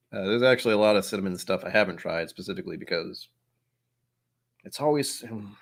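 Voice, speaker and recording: A young man hosting a whiskey channel, chatting casually with his viewers in a rambling, self-mocking way. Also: fairly low pitch. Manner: rambling, self-mocking, reacts aloud to chat. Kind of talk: casual livestream chat.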